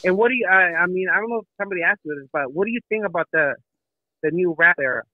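A man's voice: high voice, very fast, no room sound, narrow, tinny audio. A man calling in to a radio show, asking questions in a hesitant, rambling way. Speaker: caller. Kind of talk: call-in question.

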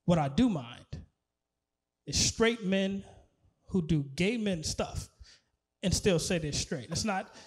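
A man performing a stand-up comedy set on stage, animated, laughing and shouting at his punchlines. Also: high-pitched, takes it slowly, pauses often. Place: comedy stage before a live audience.

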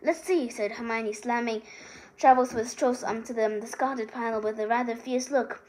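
A woman reading a novel aloud, with halting delivery and frequent restarts. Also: fairly high pitch, little pitch movement, darkish tone, slight background noise, rough recording. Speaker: reader. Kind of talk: amateur audiobook reading.

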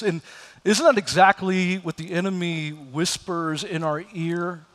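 A man's voice: sits high, steady tone, unhurried, a bit bright, in a large hall. A man preaching a sermon as pastor, telling stories and acting out the voices of the people in them. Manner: storytelling, acts out quoted voices. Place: church sanctuary.

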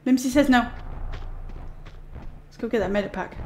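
A woman's voice: high voice, animated, measured pace, a little mellow, a little hiss or hum. Chatty, easily spooked woman streamer. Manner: chatty, jumpy, easily scared, laughs often. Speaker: gaming streamer. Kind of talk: casual let's play commentary.

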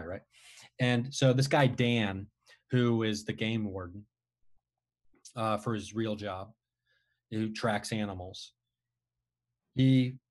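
Man telling a rambling story. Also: on the low side. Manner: rambling, restarts often, animated retelling. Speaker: guest storyteller. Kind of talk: casual storytelling.

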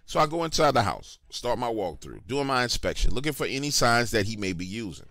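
Man, lively telling. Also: medium pitch, quick pace, hardly any pauses, no room sound, clean studio sound. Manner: casual, conversational, addresses listeners directly. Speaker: storyteller. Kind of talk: first-person horror story narration.

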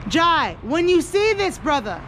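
A woman's voice: extremely high pitch, very animated, unhurried, background noise. A woman vlogger talking casually and profanely to camera, with loose, laughing talk. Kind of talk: casual party vlog to camera. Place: house party, indoors. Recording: loud party crowd and music.

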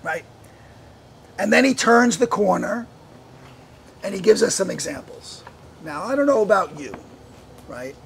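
Male pastor, sermon delivery: high, gravelly voice; animated, full of rhetorical questions. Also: measured pace, pauses often, slight background noise. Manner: animated, asks the congregation many rhetorical questions; laughs often between points.

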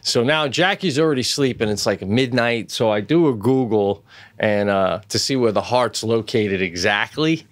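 A middle-aged man co-hosting a casual podcast chat, telling stories with loud acted-out quotes and plenty of swearing. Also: medium pitch, normal speed, dry recording. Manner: animated storyteller, acts out loud quotes, swears freely. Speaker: podcast co-host. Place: home studio.

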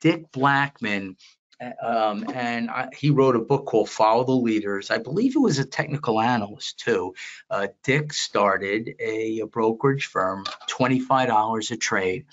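An older man recounts his past in an interview, stopping and restarting as he goes and then getting animated. The audio is a little muffled and lo-fi. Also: medium pitch, unhurried. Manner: rambling, animated anecdotes with many restarts. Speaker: guest, veteran market analyst. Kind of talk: storytelling interview.

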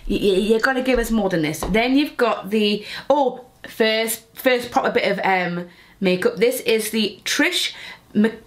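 A woman's voice: on the high side, unhurried. A young woman chatting casually while unboxing beauty products, rambling with lots of fillers. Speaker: beauty vlogger.

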